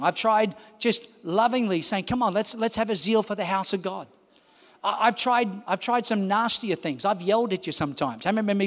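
A man's voice: high-pitched, fairly bright tone. A man preaching a sermon as pastor, pressing his congregation with repeated calls to listen. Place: large church hall. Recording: long hall reverb.

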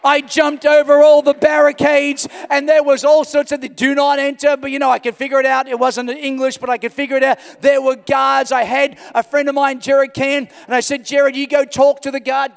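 A man from Australia, a pastor telling an animated story in a sermon and often shouting for emphasis. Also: extremely high pitch, gravelly. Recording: long hall reverb.

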